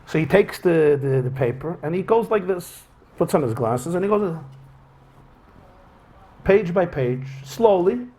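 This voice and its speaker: A man's voice: high voice, unhurried, pauses often. A man teaching a class as a rabbi, telling a story as a lecture and acting out the dialogue. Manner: animated, acts out quoted dialogue. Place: lecture hall with a live audience.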